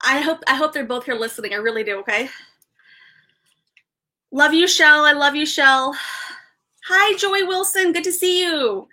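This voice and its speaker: High-voiced young woman chatting on a live stream, super excited, rambly, lots of ums and restarts. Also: moderate pace, pauses often. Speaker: livestream host. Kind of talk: casual live-stream chat.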